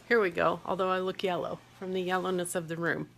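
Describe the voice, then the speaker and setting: A woman's voice: fairly low pitch, flat delivery, fast, gravelly, a little hiss or hum. A woman talking casually to her phone camera in a hotel room, telling a story in a chatty way. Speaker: vlogger.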